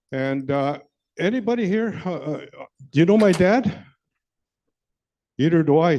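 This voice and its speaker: A man doing a chatty, flirty joker, rambling and teasing the crowd with a lot of "eh". His voice sits high yet sounds dark and mellow. It comes through a dull, muffled live-event recording in a big hall. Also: natural voice. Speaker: stand-up comedy character entertaining a crowd. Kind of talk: live crowd-work comedy. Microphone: handheld mic.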